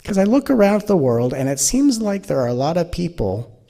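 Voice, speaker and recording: A man's voice: high voice, sing-song, moderate pace, gravelly, dark tone. A man giving a spiritual teaching talk in a playful, rhetorical way, with many questions to his listeners. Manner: playful and rhetorical, acting out mock inner voices.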